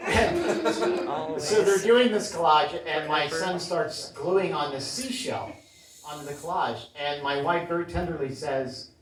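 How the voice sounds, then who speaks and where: Male stand-up comic, deadpan and self-deprecating, lively pitch; distant roomy club recording with audience laughter. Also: takes it slowly. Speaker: stand-up comedian. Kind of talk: stand-up comedy set. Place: small comedy club. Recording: roomy club sound from a far mic, crowd laughing.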